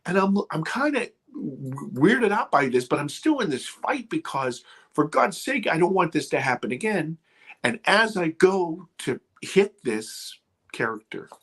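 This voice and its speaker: A middle-aged man telling a personal story as a guest, dramatic, dropping to a hush and rising again, with many restarts. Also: medium pitch, breathy edge. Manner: dramatic, swings from loud to hushed, many restarts. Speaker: guest filmmaker. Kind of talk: animated storytelling.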